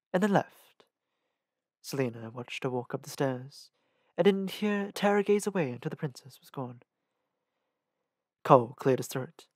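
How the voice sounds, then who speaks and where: A man narrating a novel as an amateur audiobook reader, with a lively, uneven reading and small self-corrections. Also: medium pitch, dry recording, clean studio sound.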